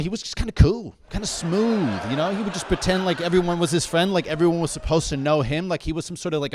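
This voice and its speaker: A young male comedian working through a stand-up set with a slightly high voice. His delivery is loose and chatty, and he keeps tossing in "right?" and "you know?" to pull the room along. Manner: conversational, keeps checking in with the crowd. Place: stage of a local comedy bar.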